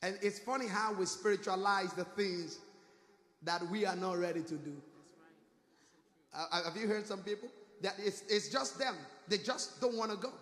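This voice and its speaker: A man's voice: sits high, moderate pace, fairly bright tone. A man preaching a fervent sermon as a pastor, calling out again and again to the congregation in a church hall. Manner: fervent preaching with repeated rhetorical call-outs to the congregation. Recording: echoey church hall with long reverb.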